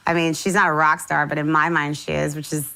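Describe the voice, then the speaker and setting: Young woman, St. Louis-raised singer, deep register, enthusiastic interview guest. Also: a little fast, creaky. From St. Louis, USA. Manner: enthusiastic, animated storytelling with laughs. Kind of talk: casual interview chat.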